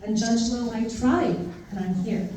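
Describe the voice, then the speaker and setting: Woman, 30s, ceremony speaker: mellow, slightly high, sincere, picked up far off in a very echoey room. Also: a little slow, a little hiss or hum. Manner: heartfelt, lists names, tells light funny stories. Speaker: newly sworn judge giving a thank-you speech. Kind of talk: formal ceremony speech with personal anecdotes. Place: large indoor ceremony room. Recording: distant mic in a reverberant hall.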